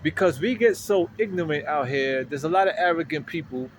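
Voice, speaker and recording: A man telling a story in a casual vlog, animated and slangy, often checking in with the listener, outdoors on a city street. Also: fairly high pitch, fairly quick, slight background noise, poor audio. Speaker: vlogger.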